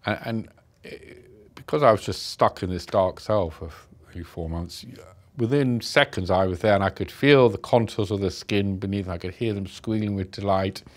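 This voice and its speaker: Middle-aged british guy, lowish voice, telling his story slow and halting. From Britain. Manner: reflective, halting, many restarts. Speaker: interview guest. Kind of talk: personal storytelling in an interview.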